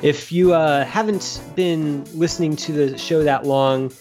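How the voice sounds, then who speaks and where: A man's voice: on the high side, unhurried, soft background music. A man hosting a film podcast, chatting casually with many restarts and asides. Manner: relaxed, rambling with restarts. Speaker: podcast host.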